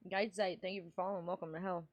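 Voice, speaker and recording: A woman's voice: lowish voice, fairly even intonation, fast, dry recording, soft background music. A woman streamer in casual livestream chat, ranting and rambling with lots of swearing.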